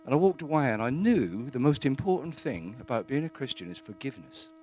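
A man giving a plain-spoken, earnest testimony in church, halting now and then with fillers. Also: medium pitch, big pitch swings, a little mellow, slight background noise.

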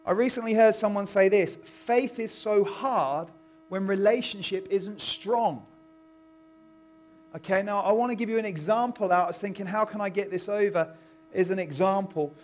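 A man preaching a sermon in a conversational, animated storytelling way, acting out voices. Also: high voice. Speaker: pastor.

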